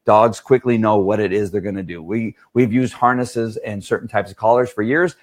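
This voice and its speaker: A man, a dog trainer, talks loosely and at length in a lowish voice. He wanders through his points, repeats himself and keeps checking in with "right?". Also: steady tone, normal speed. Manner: rambling, repeats "right?" often. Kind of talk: casual explanatory talk.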